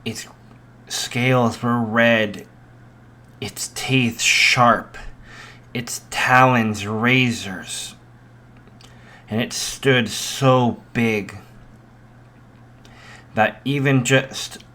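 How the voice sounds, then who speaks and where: A man improvising a story aloud, unhurried, with frequent fillers and restarts. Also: mid-range voice, fairly even intonation, pushed and bright.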